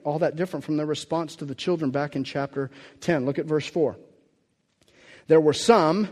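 A man's voice: fairly high pitch, a little mellow. Man preaching in an echoing hall. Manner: conversational preaching with rhetorical questions and restarts. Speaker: pastor. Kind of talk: sermon.

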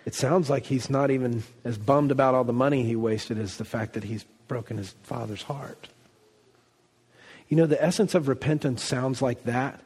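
A man preaching a sermon, telling a story with animated delivery and acting out quoted lines. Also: medium pitch, normal speed, breathy edge, big-room sound. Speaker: pastor.

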